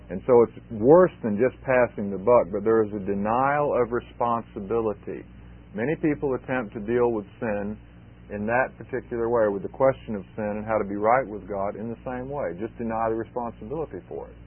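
Male preacher, emphatic, repetitive, husky lower voice, tinny phone-band recording. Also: a little fast. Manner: emphatic, repeats key phrases. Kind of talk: expository sermon.

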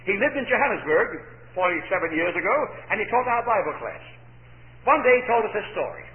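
A man's voice: high-pitched, very animated, brisk. A man preaching a sermon with emphasis, posing rhetorical questions and answering them himself. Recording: echoey, phone-like lo-fi recording.

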